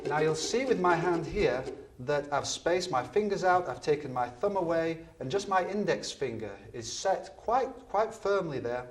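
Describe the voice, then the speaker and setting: A man's voice: fairly high pitch, animated, normal speed, hardly any pauses, a little hiss or hum. A man teaching ukulele in an instructional video, speaking patiently and repeating his words now and then. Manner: patient, counts beats aloud while strumming, repeats words. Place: studio. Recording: from a distance, with ukulele strumming.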